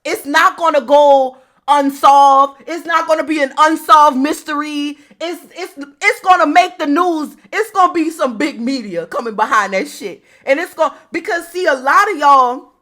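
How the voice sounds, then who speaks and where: A woman's voice: sits high, expressive, moderate pace, hardly any pauses, bright, forceful tone. A woman giving an emphatic, repetitive spiritual monologue straight to her viewers, often calling them y'all. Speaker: spiritual video host.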